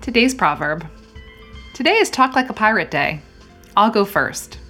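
A woman reading podcast credits and announcements in a dry, deadpan manner. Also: mid-range voice, measured pace, faint music behind.

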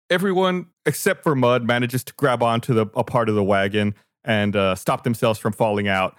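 A man narrating as game master in a casual tabletop game, relaxed and halting. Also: mid-range voice, smooth, dry recording.

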